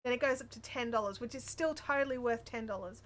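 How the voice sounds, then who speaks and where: A woman with an Australian accent talks fast in a fairly high voice while hosting a crochet livestream. She reads viewer comments and chats casually in a rambling way, filling gaps with fillers.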